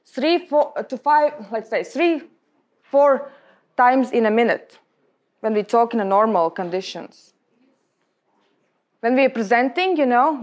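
A young adult woman with a Latvian accent, giving a lecture on public speaking to a room of colleagues in emphatic, halting non-native English. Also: fairly high pitch, darkish tone. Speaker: guest speaker.

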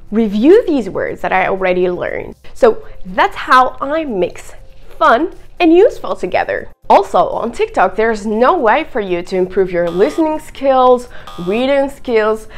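A young woman teaching English in a lively video lesson, her voice swooping high and low as she talks straight to the viewer. Her pitch sits a bit above average and she plays with emphasis. Soft music runs faintly underneath. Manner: expressive, playful, direct to camera. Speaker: English teacher and content creator.

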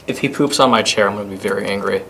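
A man hosting a gaming video, commentating with loud, playful exclamations and goofy banter. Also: lowish voice, racing, a little hiss or hum. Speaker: gaming host.

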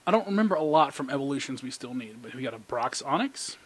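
A man with a mid-range voice talks through card packs in an excitable, rambling way. He breaks into squealing delight and mocks himself in quick asides. He is indoors, under an overhead light. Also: medium pitch, husky. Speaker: channel host. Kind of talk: casual card-pack opening commentary.

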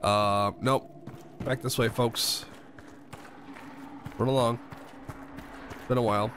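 A man's voice: medium pitch, fairly even intonation, slow, background noise. A man giving casual let's-play commentary, rambling, swearing freely and talking to himself and the game characters. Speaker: gamer playing a video game.

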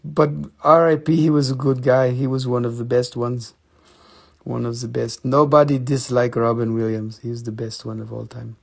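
An excitable man hosts a live crystal sales show from a shop, cracking jokes in broken English. His voice has a gravelly edge. His everyday pitch sits in the middle range. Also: normal speed.

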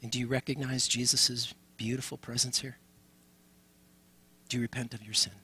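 A male pastor leads communion with a bright, forward tone and a husky edge to his voice. He speaks earnestly and turns often to the congregation, inviting them to respond. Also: mid-range voice, little pitch movement, normal speed. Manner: earnest, calls on the congregation directly. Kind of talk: leading a communion service.

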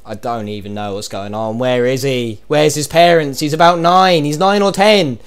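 A young Irish man hosting a comedic reaction video, animated and exclaiming, often breaking into laughter. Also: mid-range voice, moderate pace, background noise. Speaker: YouTube host.

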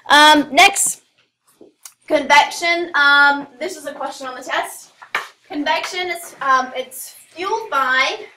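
A woman's voice: sits high, bright, forceful tone, slight background noise. A woman teacher giving a casual classroom lecture, full of fillers and asides. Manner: casual, rambling, many fillers. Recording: echoey classroom from a distance.

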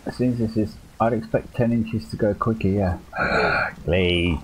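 Male streamer, lowish voice, mutters and curses at the game, faint hiss behind. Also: moderate pace. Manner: exasperated, swearing, joking commentary. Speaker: gaming streamer. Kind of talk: live-streamed gameplay chat.

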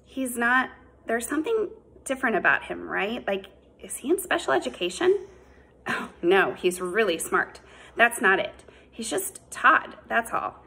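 Brief: a woman playing a blunt, hot-headed teen boy, husky, pitched up. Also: very animated, unhurried, sharp tone, exaggerated voice. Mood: defensive. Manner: heated, accusing. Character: upset teenage boy, quick-tempered and blunt. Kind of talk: audiobook character voice.

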